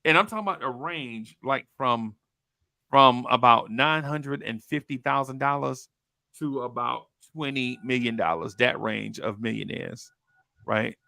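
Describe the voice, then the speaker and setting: A man on a podcast, casually telling a story in animated, slangy talk and acting out what others said. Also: mid-range voice, a little slow, vocal fry, no echo, clean studio sound. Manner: animated, slangy storyteller who acts out quoted voices. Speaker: podcast host.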